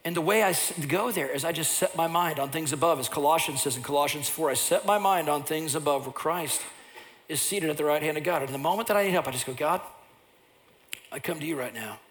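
A pastor preaching a sermon, telling personal stories, and at times rising into loud impassioned preaching. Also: male voice, a little high, brisk.

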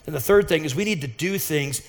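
A man's voice: on the high side, a little fast. A man preaching a sermon as pastor, earnest and emphatic, telling a personal story with fervent intensity. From Texas, USA. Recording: reverberant hall sound.

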